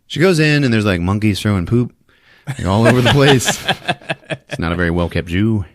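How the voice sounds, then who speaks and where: A man hosting a podcast, recapping a movie in an animated, laughing comedic style. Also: on the low side, fairly quick, dry recording, studio quality. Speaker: podcast host.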